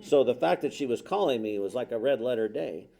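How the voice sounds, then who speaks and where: A middle-aged man gives a talk, recounting a personal story in a chatty, self-deprecating style with quoted dialogue. His medium-pitched voice is animated, brisk, creaky, and mellow.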